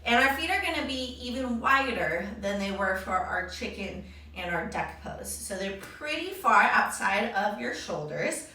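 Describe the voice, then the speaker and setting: A woman's voice: medium pitch, sing-song, measured pace, few pauses, bright, forceful tone, a little hiss or hum. A woman leading a children's yoga class, upbeat and encouraging, calling the kids her friends. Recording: very echoey room, voice from far off.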